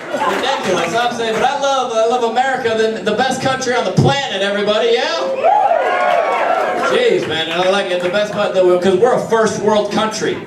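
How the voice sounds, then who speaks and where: High-voiced male comic, far off. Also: normal speed, very noisy. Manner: sarcastic, mock-patriotic. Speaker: stand-up comedian. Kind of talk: stand-up comedy set. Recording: distant mic, echoey hall, loud crowd.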